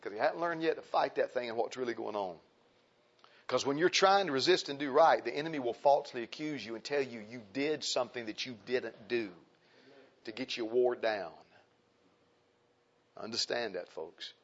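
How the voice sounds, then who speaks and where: A man preaching a sermon as pastor, with a folksy, animated delivery that swings from loud bursts to hushed asides. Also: mid-range voice, moderate pace, muffled recording.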